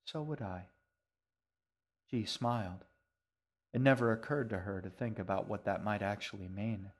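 A man narrating his own story in a calm, even way. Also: lowish voice, moderate pace. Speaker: author and narrator. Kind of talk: scripted narration.

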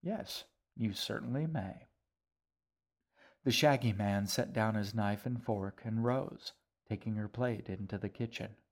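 A man narrating a story as an audiobook in a measured, expressive reading. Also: fairly low pitch. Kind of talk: scripted narration.

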